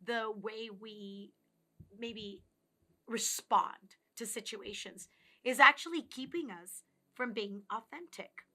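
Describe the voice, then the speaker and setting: A woman's voice: a little high, slow pace, sharp tone. A woman giving a reflective motivational talk on personal growth, earnest and coaching, speaking straight to the listener and sometimes dropping to a near whisper.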